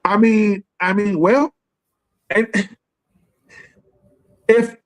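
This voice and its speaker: A man co-hosting a casual sports talk stream, slangy and animated, acting out other people's lines as he riffs. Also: sits high, extremely slow. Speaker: podcast co-host. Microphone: live stream call.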